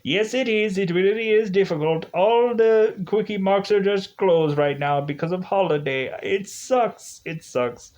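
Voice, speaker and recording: A man's voice: high voice, a little mellow, voice pushed up. Apu, a man doing a mopey shopkeeper voice. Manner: whiny, halting, repeats "just". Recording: dull lo-fi recording.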